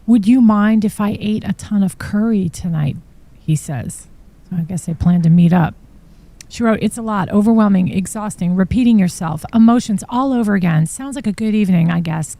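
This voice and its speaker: A woman's voice: medium pitch, mellow, no echo. Woman reacting to trial evidence. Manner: reads texts aloud with shocked asides. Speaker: true crime podcast host. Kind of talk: live-stream commentary reading trial exhibits.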